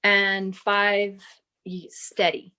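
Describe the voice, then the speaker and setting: Slow-talking woman sharing her story. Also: medium pitch, flat delivery, bright, forceful tone, clear, resonant tone. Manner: slow, thoughtful, reads from her notes. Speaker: client giving a testimonial. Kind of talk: casual video call chat.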